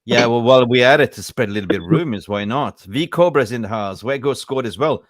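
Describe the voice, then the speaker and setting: Speaking fast and expressively in a mid-range voice, this podcast host keeps the football chat loose and playful, calling out viewers by name during a casual live stream. The audio is clean studio quality, free of any room sound.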